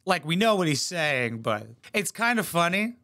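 A man's voice: on the high side, very animated, normal speed, sharp tone. A man hosting a reaction video, giving blunt, mocking commentary full of swearing. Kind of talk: profane sarcastic commentary.

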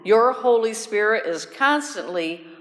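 A woman deacon delivers a sermon at an unhurried pace, her gentle, prayerful words carrying a long reverberant tail in the church. Now and then her voice lifts into a joyful exclamation. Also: fairly high pitch, lively intonation. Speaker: deacon preaching. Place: church sanctuary.

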